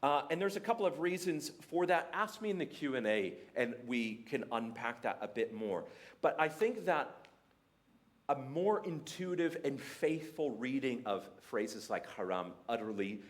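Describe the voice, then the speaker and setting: A young Canadian man with a Canadian accent, giving a humorous, animated talk at a church faith day. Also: medium pitch, normal speed. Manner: animated, jokey, mimics other voices. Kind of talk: sermon-style talk with humour.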